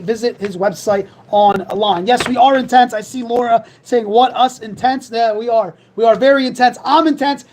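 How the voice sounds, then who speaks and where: A young man from hosting a sports talk show, rambling fast and reading sponsor plugs in a fired-up, casual way. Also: extremely high pitch, slight background noise, rough recording.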